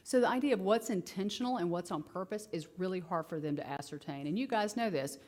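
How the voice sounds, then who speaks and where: A woman presenting research to parents in a casual, conversational conference talk, full of fillers and animated asides. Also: fairly low pitch, fast. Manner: animated storytelling, acting out quoted kids and herself; casual and conversational, many fillers like "you know" and "like".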